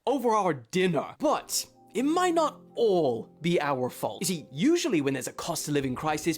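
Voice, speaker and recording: Wry young-sounding woman explaining money trends. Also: lowish voice. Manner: casual, slangy, wry. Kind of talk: casual explainer commentary. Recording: faint music behind.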